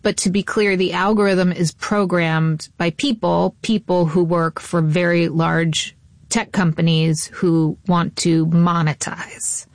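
An inquisitive woman hosting a radio interview, her voice fairly low for a woman. She keeps following up with probing questions, and the studio sound is dry and close. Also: fairly even intonation, takes it slowly, no room sound. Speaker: radio host.

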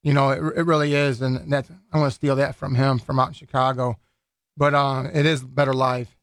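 A man's voice: medium pitch, little pitch movement, normal speed, no echo. A man, a boxing event organizer chatting loosely in a radio studio interview, full of restarts and fillers. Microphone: studio microphone.

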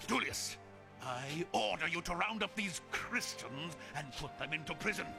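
An actor playing a vain, paranoid Roman emperor who thinks himself a god, pompous and petulant. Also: male voice, fairly high pitch, animated, normal speed, creaky. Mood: imperious. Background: music.

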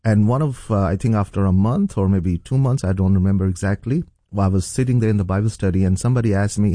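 A man's voice: on the low side, fast talker, hardly any pauses, warm tone, no echo, studio quality. A middle-aged man from Pakistan, a pastor, earnestly telling his personal testimony as an interview guest. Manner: earnest, storytelling.

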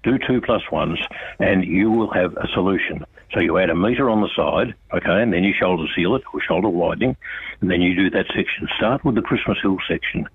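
An older Australian man speaks bluntly and with conviction, calling out an official as he makes his case. His voice is very deep and husky. It comes through a tinny, dry phone line. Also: brisk, dry recording. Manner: blunt, impassioned, addresses an official directly. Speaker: radio guest, road safety campaigner. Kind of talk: on-air phone interview. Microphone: telephone.

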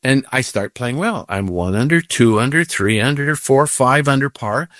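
An older man, a professional golfer as guest, telling a story casually in an animated way, acting out what he said to himself. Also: medium pitch, normal speed, no echo, studio quality. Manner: animated storytelling with acted-out inner voices.

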